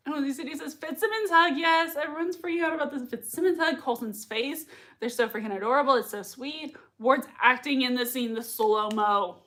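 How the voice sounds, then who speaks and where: Giggly high-voiced young woman streamer. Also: animated, a bit bright. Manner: gushing, quick to laugh, many fillers. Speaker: livestream reaction host. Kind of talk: casual live chat reading comments.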